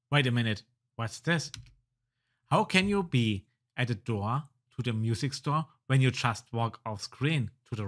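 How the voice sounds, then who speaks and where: A man's voice: mid-range voice, fairly bright tone. A man hosting a let's play, reading game text aloud and muttering casual reactions.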